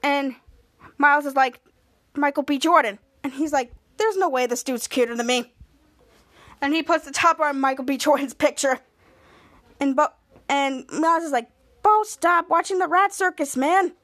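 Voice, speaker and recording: A woman's voice: sits high, moderate pace, long pauses. A woman hosting a podcast, casually retelling a TV episode and acting out the characters' lines. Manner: acts out characters' lines with lively voices. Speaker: podcast host.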